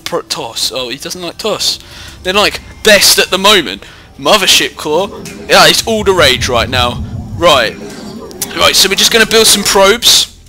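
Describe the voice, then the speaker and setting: Speaking into a headset mic indoors at home, away from his normal recording setup, a young British teen gives rambling, jokey commentary on a strategy game and pokes fun at himself. His voice is a little high, bright and forceful.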